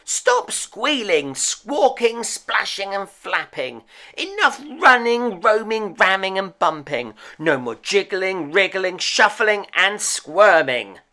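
A man's voice: sits high, wildly swooping pitch, slow pace, gravelly, fairly bright tone, heavily acted. A man voicing a fidgety, cheeky little schoolgirl in a read-aloud picture book. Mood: commanding. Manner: exclaiming, indignant.

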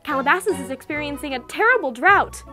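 A woman's voice: sits high, lively intonation, fast talker, bright, forceful tone, faint music behind. A woman voicing a terrified young maidservant who stutters apologetically. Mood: frightened. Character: terrified young female servant.

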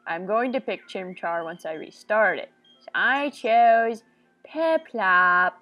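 A woman's voice: medium pitch, a bit bright. A young woman hosting a let's play, rambling and joking to herself with sudden silly outbursts. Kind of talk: casual game commentary.

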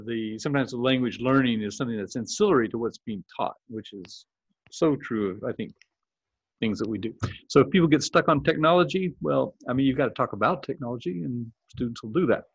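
A man hosts a casual group video call and rambles through his thoughts, often breaking off and restarting mid-sentence. His voice has a middling pitch, and the sound is dry and muffled, with the dull quality of a compressed call. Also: breathy edge, no room sound. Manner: rambling, self-interrupting. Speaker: host and journal editor.

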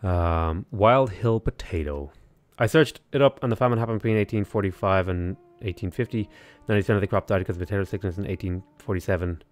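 Here a low-pitched Irish man talks at a quick pace, with no echo on the recording. It's relaxed stream chatter over a strategy game and viewer comments, meandering and packed with "like" and false starts.

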